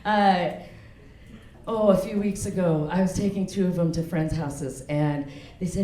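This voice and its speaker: A woman in her forties performs stand-up at a comedy club, talking frankly and laughing at her own jokes. Her lowish voice moves at a moderate pace with a little hiss or hum. The club is echoey, and the loud crowd's laughter fills the background.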